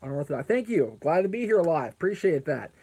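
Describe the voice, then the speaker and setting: A man's voice: on the high side, very animated, fast talker, warm tone, husky. A man hosting a casual live stream who rambles, answers chat comments aloud, and often stops to correct himself with plenty of fillers. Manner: frequent fillers and self-corrections.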